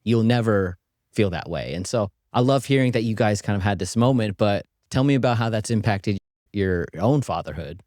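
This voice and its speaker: Low-voiced, affirming male podcast host. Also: expressive, moderate pace, a little mellow, no echo, clean studio sound. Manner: affirming and encouraging, reflecting back what he hears. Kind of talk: candid podcast conversation.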